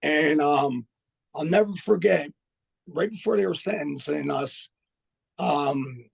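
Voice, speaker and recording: A man's voice: on the high side, takes it slowly, creaky, husky. An older man telling his own story as a podcast guest, in a blunt, profane, streetwise manner. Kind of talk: casual storytelling.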